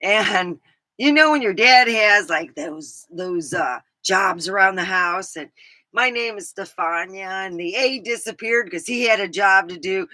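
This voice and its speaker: This California vlogger, whose American accent carries an English tinge, wanders through casual stories full of laughs and ums. She sounds animated and unhurried, medium in pitch, bright and forceful, recorded dry.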